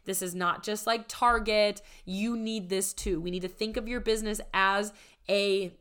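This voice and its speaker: A young woman business coach giving an enthusiastic, persuasive sales pitch, her voice strained and close to giving out. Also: steady tone, moderate pace, fairly bright tone. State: strained, nearly losing her voice. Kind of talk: promotional podcast monologue.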